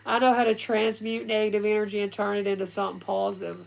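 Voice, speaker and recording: A woman's voice: mid-range voice, flat delivery, fast, creaky, slight background noise, low-quality recording. A woman giving a casual livestream tarot reading, rambling, blunt and often laughing. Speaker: tarot reader.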